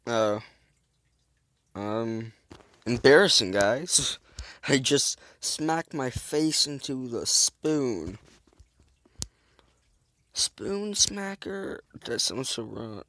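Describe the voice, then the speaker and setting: In a very slow, animated delivery that pauses often, this let's-play host rambles goofily, teases himself and makes silly sound effects while playing. His mid-range voice has a sharp tone, and the recording is dry.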